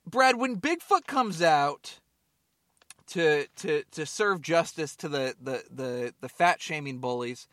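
Joking guy on a podcast, kinda high voice, dry close sound, swears a lot. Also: expressive, slow, a bit bright, no echo. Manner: joking and rambling, swears freely. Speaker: podcast co-host. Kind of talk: casual chat.

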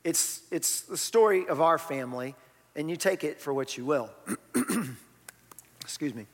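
A man preaching in a church, his voice a touch higher than most men's. He talks to the congregation like a friend, firing off rhetorical questions. His words ring out with a long reverb through the hall. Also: expressive, measured pace. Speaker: pastor. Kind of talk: sermon.

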